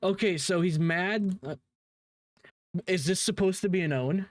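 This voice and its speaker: A man's voice: sits high, unhurried. A young man hosting casual drama commentary, rambling and profane, restarting sentences and laughing at what he reacts to.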